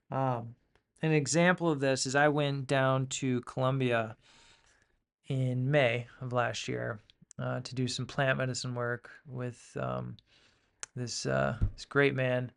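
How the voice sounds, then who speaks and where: A man's voice: medium pitch, steady tone, slow, vocal fry, a bit bright, smooth. A man hosting a casual spiritual podcast, talking in a loose, rambling way with many fillers and restarts. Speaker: podcast host.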